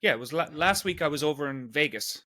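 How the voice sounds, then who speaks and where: A man's voice: a little high, animated, fast talker, sharp tone, no room sound, clean studio sound. A man in his forties with an Irish accent, hosting a casual podcast conversation and rambling along with lots of "like" fillers. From Ireland. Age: 40s. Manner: rambling, chatty, peppers speech with "like". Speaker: podcast host.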